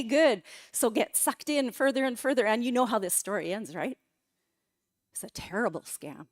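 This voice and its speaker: Emotional middle-aged woman giving testimony. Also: a little high. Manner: emotional, dramatic storytelling with quoted outbursts. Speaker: guest speaker. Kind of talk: personal testimony talk. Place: church sanctuary.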